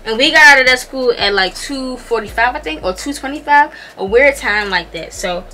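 A young woman with a bright, slightly high voice tells her story to the camera while doing her makeup. She talks in an animated, slangy way and keeps addressing her viewers directly. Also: moderate pace, a little hiss or hum. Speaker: vlogger.

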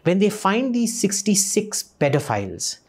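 A man's voice: high-pitched, big pitch swings, moderate pace, a little mellow, husky. A man, a podcast guest talking in a blunt, scornful and profane way. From India. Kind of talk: opinionated conversation.

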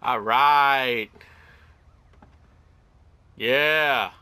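A man's voice: mid-range voice, extremely slow, pushed and bright, clean tone. A man casually commenting on a game, laughing and joking as he plays. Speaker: gaming streamer.

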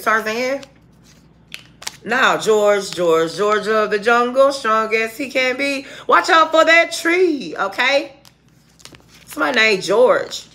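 A woman with a bright, forceful voice gives a fired-up tarot reading straight to her viewers. She talks in blunt, profane street slang. A faint hiss sits under her voice. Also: medium pitch. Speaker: tarot reader.

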